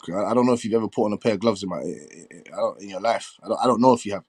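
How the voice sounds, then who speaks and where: A man's voice: on the low side, very fast, a little mellow, slightly rough, dry recording. Profane, combative man in boxing banter. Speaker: boxing fan debater. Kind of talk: casual heated debate.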